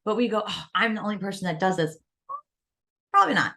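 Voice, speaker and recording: A woman's voice: medium pitch, rapid-fire, creaky, a bit bright. A woman guest on a wellness podcast, talking animatedly about stress and self-talk and acting out the voice of the inner critic. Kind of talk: podcast interview.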